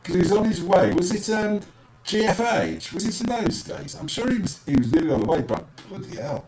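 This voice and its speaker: A man's voice: high-pitched, expressive, brisk, reverberant, over a noisy crowd, rough recording. A man hosting a casual football podcast, teasing his co-host with dry asides.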